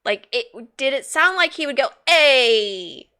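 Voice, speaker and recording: A woman's voice: high voice, expressive, fairly quick, sharp tone. A woman streaming a game live, chatting playfully, laughing and reading chat aloud. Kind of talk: casual live-stream commentary.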